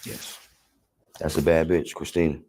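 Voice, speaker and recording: A man's voice: extremely low pitch, little pitch movement, moderate pace. A man from South Central Los Angeles with an LA accent, telling his story in an interview in a slangy, rambling, profane way. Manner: slangy, rambling, profane, acts out voices loudly.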